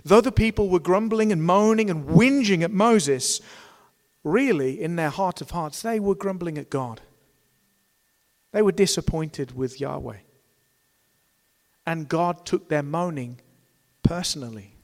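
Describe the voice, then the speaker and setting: A man preaching a sermon with a fairly high voice, earnest and full of rhetorical questions. He acts out complaining voices by pitching up. The recording carries a long hall reverb. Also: measured pace, pauses often. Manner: earnest, rhetorical questions, voices the grumbling crowd in raised tones.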